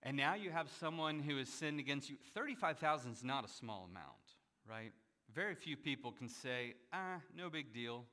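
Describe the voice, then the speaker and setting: A man's voice: medium pitch, expressive, normal speed, sharp tone. A male pastor giving a conversational sermon, acting out the voices in the stories he retells. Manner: conversational preaching, acts out quoted voices.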